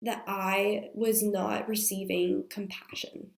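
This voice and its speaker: A woman's voice: medium pitch, little pitch movement, slow, vocal fry. Woman host in her thirties, under the weather, confessional storyteller, recorded in an echoey room. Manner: chatty and confessional, many fillers. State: sick, strained voice. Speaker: podcast host. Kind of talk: candid storytelling monologue. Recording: roomy echo.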